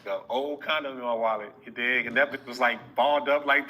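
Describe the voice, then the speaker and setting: A man spinning a brash, slangy story in an easy storytelling flow. His voice is strikingly bright and forward, and he keeps checking in with his listener as he goes. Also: mid-range voice, fairly quick, hardly any pauses, low-quality recording. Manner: boastful and slangy, with frequent tag questions. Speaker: rapper telling a story in an interview clip. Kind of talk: casual storytelling.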